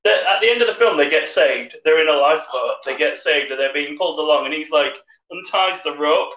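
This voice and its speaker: A man's voice: on the high side, brisk, fairly bright tone. A man co-hosting a casual drinking show, rambling through sweary stories. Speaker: co-host. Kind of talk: casual boozy chat. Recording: roomy, distant, muffled stream audio.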